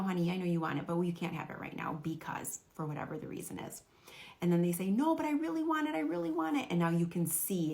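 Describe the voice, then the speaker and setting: A woman who works as a parenting coach, giving direct, earnest advice to camera. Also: fairly low pitch.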